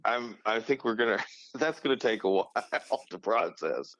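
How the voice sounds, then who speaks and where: A man co-hosting a podcast who talks in a thoughtful, analytical and gently teasing way. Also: on the low side, expressive, normal speed, no room sound. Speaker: podcast co-host. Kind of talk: casual chat. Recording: slightly dull lo-fi sound.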